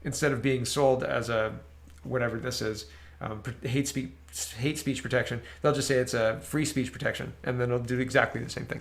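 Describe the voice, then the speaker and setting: Canadian guy ranting about clips, sarcastic, gravelly voice. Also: medium pitch, fairly even intonation, brisk, few pauses. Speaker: political commentary host. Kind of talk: casual commentary on clips.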